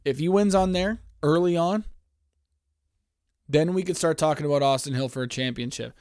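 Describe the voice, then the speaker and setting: A man's voice: on the high side, moderate pace, darkish tone, no room sound, studio quality. Profane, heated man ranting on a sports podcast. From Canada. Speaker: podcast host. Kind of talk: casual sports podcast rant.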